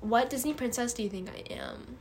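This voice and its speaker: A young woman co-hosting a podcast in casual chat, chatty and quick to laugh, often trailing off. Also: on the high side. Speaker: podcast co-host.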